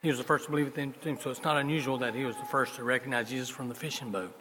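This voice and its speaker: A man preaching a sermon as pastor, telling stories in a folksy way and moving between loud emphasis and soft asides. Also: medium pitch, fairly even intonation, very fast, slight background noise. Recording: long reverb of a large hall.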